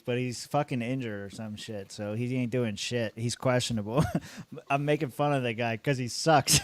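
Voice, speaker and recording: A man's voice: medium pitch, steady tone, normal speed, no room sound. A young man talking loosely about his fantasy team. His speaking voice sits in a middle register, and his swearing and frequent laughter come through a close, dry mic with no room sound. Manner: rambling, swears freely, laughs often. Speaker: podcast co-host. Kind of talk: casual fantasy football chat.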